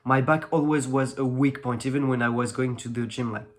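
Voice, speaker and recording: French teen dude vlogging in english, french accent, lots of like and uh, mid pitch. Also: male voice, fairly even intonation, brisk. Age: teens. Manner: rambling, many fillers and restarts. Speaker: fitness vlogger. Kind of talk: casual talk to camera.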